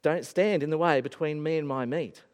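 A man's voice: fairly high pitch, moderate pace, darkish tone, natural voice. A man voicing a greedy, bullying young male priest who demands the best meat heavy-handedly. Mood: intimidating. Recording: echoey hall.

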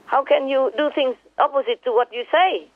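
This woman's voice is high-pitched and moves at a normal speed as she addresses her disciples by phone. Impassioned and emphatic, the spiritual teacher keeps restating her points, and the line sounds thin and tinny.

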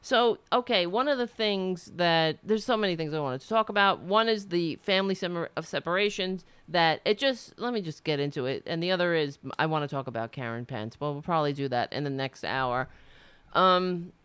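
A woman's voice: lowish voice, lively intonation, moderate pace, fairly bright tone, smooth, no room sound. A woman from New York with a New York accent, hosting a political talk radio show, blunt and indignant, swearing freely and restarting her sentences.

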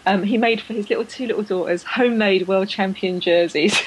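A woman's voice: mid-range voice, a little fast, background noise. A woman hosting a podcast in casual chat, rambling with fillers and restarts, enthusiastic about her subject. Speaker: podcast host.

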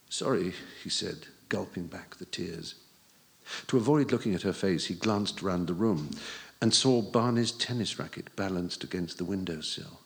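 A man reading a novel aloud in a measured storytelling voice. His tone sits a little low, and it lifts in pitch at the tense moments. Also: creaky. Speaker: audiobook narrator. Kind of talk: scripted narration.

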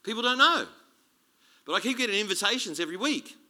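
A man preaching a sermon as a guest speaker, chatty and animated, joking and restarting his sentences. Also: high-pitched, fast talker. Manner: animated, conversational, jokey preaching with many restarts.

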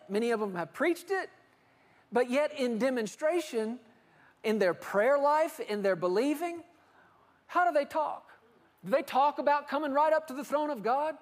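A man preaching a sermon in a very high voice. He talks to the congregation in a lively, rhetorical way and slips into acted quotes to make his point.

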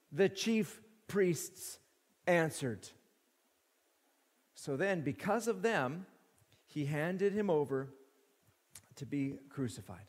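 A man with a high voice preaches a sermon, walking through the text and pressing his points by saying them twice. His words ring out with the long reverb of a large hall. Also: expressive, takes it slowly, pauses often. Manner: emphatic, repeats phrases for stress. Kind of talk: expository sermon.

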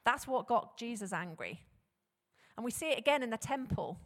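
Animated woman preaching in a reverberant hall. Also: on the high side, normal speed. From England. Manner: animated, laughs often, rhetorical questions. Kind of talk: sermon. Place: church hall.

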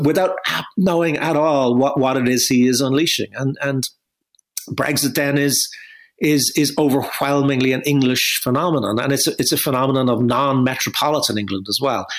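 A man's voice: medium pitch, fairly bright tone. A middle-aged man talks as an interview guest, building a long analytical argument. He restarts phrases often and leans on conversational asides. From Ireland. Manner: discursive, frequent restarts and "you know", wry laughs.

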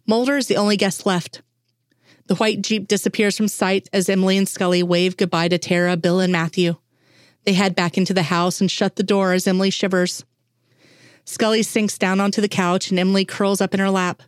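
A woman reading fan fiction aloud in a steady, unhurried way. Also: medium pitch, no echo, studio quality. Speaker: reader.

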